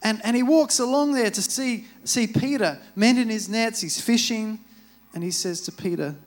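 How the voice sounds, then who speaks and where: A man's voice: sits high, moderate pace. A man giving a sermon in a chatty, storytelling way, speaking into a microphone in a church. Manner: casual, chatty retelling with acted-out quotes. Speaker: preacher.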